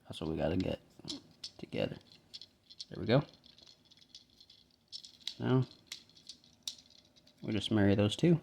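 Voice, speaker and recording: A man's voice: lowish voice, slow, creaky, pauses often, slight background noise. A man with a light Southern accent, casually talking himself through assembling a toy model step by step. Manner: relaxed, talks himself through each step. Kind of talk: casual step-by-step building commentary.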